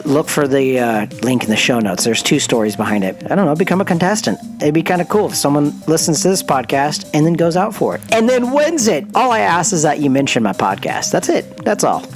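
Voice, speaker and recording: A podcast host reading daily space news with playful asides, excitable and prone to getting carried away. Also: medium pitch, brisk, hardly any pauses, soft background music.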